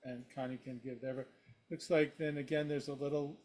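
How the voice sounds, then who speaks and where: A man's voice: mid-range voice, little pitch movement, normal speed, a little mellow. Hesitant man giving feedback in class. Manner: hesitant, searching for words. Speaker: class participant.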